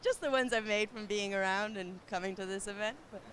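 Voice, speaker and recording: A woman's voice: mid-range voice, a little fast, a bit bright. A young woman surfer giving a casual beachside interview, giggling and saying "like" often. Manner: giggly, says "like" a lot. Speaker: competing surfer. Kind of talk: casual post-heat interview. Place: beach outdoors.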